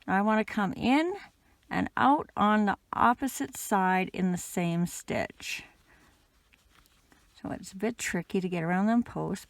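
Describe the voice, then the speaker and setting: A woman with an ordinary mid-range voice explains crochet steps in a relaxed, patient way. She speaks gently and drops in an occasional "um". The recording is close and dry, with no room echo. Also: mid-range voice, vocal fry. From Canada. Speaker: crochet instructor. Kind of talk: casual step-by-step tutorial.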